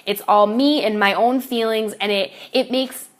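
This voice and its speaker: A woman's voice: fairly high pitch, steady tone, normal speed. A woman fitness coach talking to camera in a casual confessional vlog, rambling with fillers and restarts and swearing casually.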